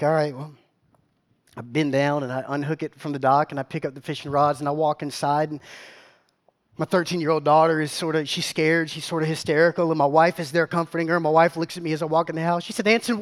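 A man with a drawl preaches from the pulpit in a fairly high voice. He tells his story in an animated, rambling way, doubling back on his words. He keeps checking in with the congregation as he goes. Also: fast. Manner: animated, repeats words, asks the crowd questions. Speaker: pastor. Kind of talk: storytelling sermon.

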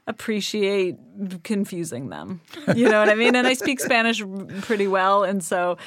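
A woman's voice: medium pitch, expressive, normal speed, a crowd in the background. A woman from Canada chatting as an interview guest, laughing easily and talking around her words with fillers. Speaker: guest, nonprofit kitchen leader. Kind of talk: casual interview chat.

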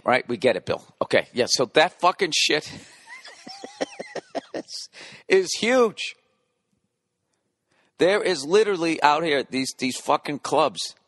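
A man's voice: a little high, big pitch swings, slow pace, pauses often, a bit bright, dry recording. A man in his forties doing a rambling, profane comedic monologue, often interrupting and correcting himself. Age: 40s.

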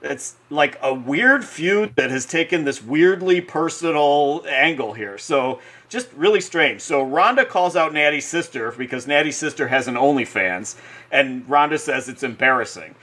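A man's voice: fairly high pitch, expressive, moderate pace, pushed and bright. A man co-hosting a podcast in casual chat, running through topics with wry asides. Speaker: podcast co-host.

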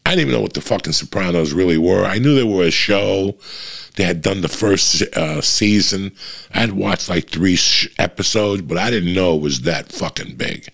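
A comedian from New tells a story on his podcast, swearing constantly. His voice sits very low and comes out rough and raspy, with a gravelly fry at the ends of his phrases. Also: normal speed, a bit bright. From New Jersey. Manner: blunt and heavily profane, restless and swearing as he tells it.

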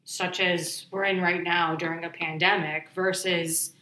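A woman's voice: fairly low pitch, level tone, measured pace, bright, forceful tone, roomy sound. A woman interviewing a podcast host, asking curious questions in a casual way.

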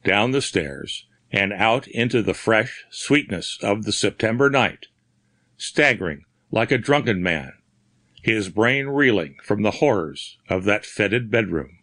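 Low-voiced male story narrator, dry. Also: animated, measured pace, a bit bright, dry recording. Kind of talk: audiobook reading of a pulp horror story.

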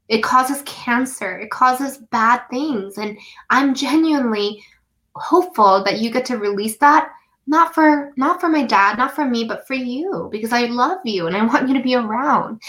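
A woman from the United States, a guest in a conversation, telling a personal story earnestly, with frequent "um" and "like" and some slowed phrases for emphasis. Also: on the high side, bright, forceful tone, poor audio.

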